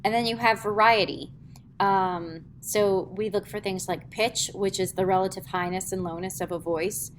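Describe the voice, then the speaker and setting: A woman teaches a middle school theatre class in a classroom, in a chatty lecture style. She fills pauses with "um" and breaks off to demonstrate what she means. Her voice sits in a middle range, with a faint hum behind it. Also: mid-range voice, fairly even intonation. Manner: chatty, explains with quick demonstrations and many "um"s.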